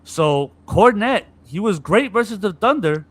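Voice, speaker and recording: This basketball-focused podcast co-host has a high-sitting voice and talks a little slowly. His casual, lively chat includes profane impressions of players complaining.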